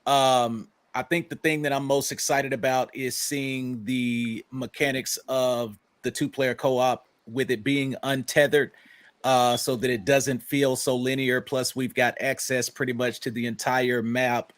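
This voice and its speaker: Man, mid pitch, dry recording, measured, podcast panelist. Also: level tone, dry recording. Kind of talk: casual panel chat.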